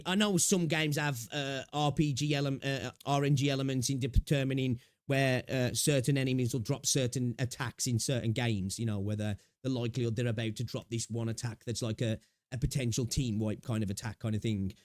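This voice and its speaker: A man's voice: mid-range voice, fairly even intonation, a little fast, no room sound, clean studio sound. A man streaming and reacting to a clip, rambling casually with many fillers and the odd swear.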